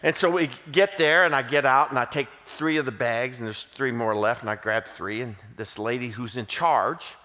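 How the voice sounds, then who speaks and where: He preaches at normal speed with hardly any pauses, his medium-pitched voice bright and forceful. A Southern-accented Kentuckian guest speaker, he mixes the sermon with folksy jokes and self-deprecating tales, recorded with long reverb in a church auditorium.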